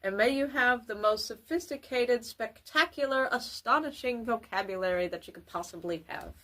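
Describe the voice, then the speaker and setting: A woman giving a grammar lesson for children, with careful, formal wording and deliberate delivery. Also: a little high, sharp tone. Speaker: teacher.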